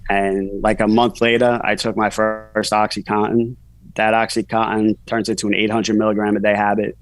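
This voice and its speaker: A man's voice: fairly low pitch, level tone, moderate pace, rough recording. A man, a podcast guest telling his story candidly in casual talk, full of "you know" fillers. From New York.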